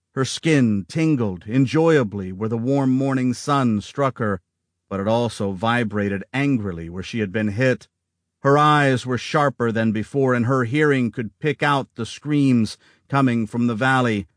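Steady male audiobook narrator. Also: mid-range voice, dry recording, clean studio sound. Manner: steady, dramatic storytelling.

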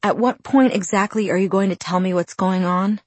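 A woman voicing a stubborn, grumpy injured teenage girl who mumbles her replies, a bit higher than her narration. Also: moderate pace, no room sound, close to an everyday voice.

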